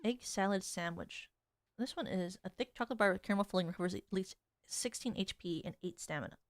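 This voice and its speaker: A woman's voice: medium pitch, fast, no room sound. A young adult woman streaming a video game, casually chatting, reading in-game text aloud, swearing and laughing when surprised. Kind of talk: casual gameplay commentary.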